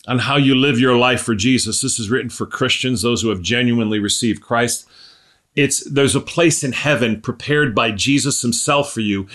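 A man's voice: medium pitch, a bit bright. Earnest conversational male preacher. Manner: earnest, conversational, with quick asides and prayers. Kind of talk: sermon teaching.

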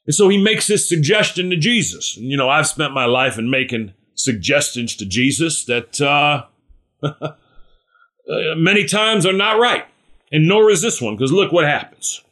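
A man's voice: fairly high pitch, expressive, a little slow, a bit bright. A man leading a small-group Bible study, earnest and conversational, often checking in with his listeners.

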